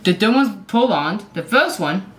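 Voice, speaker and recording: Casual vlogger, rambly and unsure of themself, very animated pitch. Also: a little slow. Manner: rambling, self-apologetic, often unsure; hums along to clips. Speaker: video creator ranking sports goal horns.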